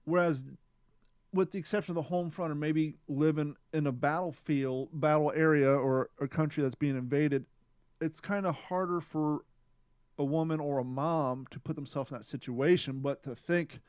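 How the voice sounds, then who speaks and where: A man's voice: fairly high pitch, steady tone, normal speed, darkish tone, smooth, no echo, studio quality. A man co-hosting a podcast, talking casually and thinking aloud in a rambling, conversational way. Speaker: podcast co-host.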